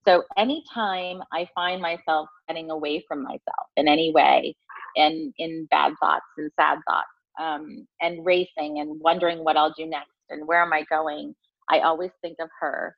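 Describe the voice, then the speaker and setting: A woman in her forties, an interview guest, telling a personal story in a heartfelt, halting way and often restarting her phrases. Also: low-pitched, fairly even intonation, gravelly, dry recording, lo-fi sound.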